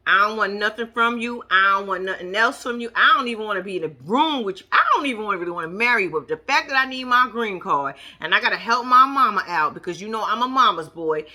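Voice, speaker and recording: A woman quoting a blunt, demanding male reality-show groom in a flat, dismissive, insistent way. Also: medium pitch, quick pace, hardly any pauses.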